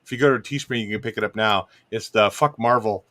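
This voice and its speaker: A man's voice: fairly low pitch, fast talker, bright, forceful tone. A man hosting a casual livestream show, rambling loosely and reading out chat comments. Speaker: podcast host.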